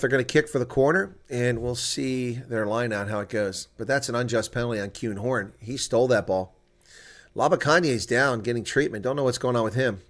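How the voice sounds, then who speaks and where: His mid-range voice moves a little fast as he commentates a rugby match live on his stream. Quiet muttering over the scores gives way to loud excitement during play and heated arguing with referee calls that go against his side.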